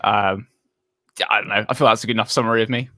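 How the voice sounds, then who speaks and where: A man's voice: fairly low pitch, steady tone, quick pace, sharp tone, no room sound. A British man chatting as a guest on a livestream, modest and understated. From Britain. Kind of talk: casual livestream chat.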